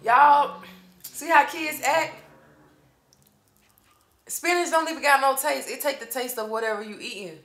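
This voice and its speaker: A woman's voice: high voice, a little slow, long pauses, fairly bright tone. A woman hosting a casual mukbang at home with her child, talking to the camera in a playful, teasing way. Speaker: mukbang host and mother. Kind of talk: casual chat to camera while eating. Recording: echoey room.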